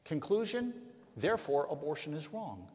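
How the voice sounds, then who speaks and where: A man preaching from the front of a large hall, his voice sitting fairly high and swinging widely in pitch. He presses each point hard, poses rhetorical questions and draws out key words. The long reverb of the room trails every phrase. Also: big pitch swings, moderate pace, warm tone. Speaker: pro-life speaker. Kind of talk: preaching to a live audience.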